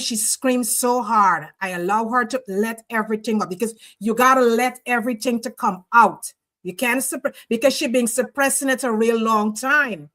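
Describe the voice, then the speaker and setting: A woman with a fairly high voice tells a story at an unhurried, deliberate pace. She repeats phrases for weight and often lets her sentences fade low and quiet at the end. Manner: slow, earnest, repeats phrases for emphasis. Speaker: discussion speaker sharing a client story. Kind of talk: personal storytelling in a group discussion.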